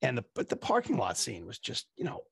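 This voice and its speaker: A man's voice: medium pitch, huge pitch swings, fast talker, gravelly, husky, dry recording. A man co-hosting a podcast, swearing freely and telling loose, rambling stories in casual banter. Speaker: podcast co-host.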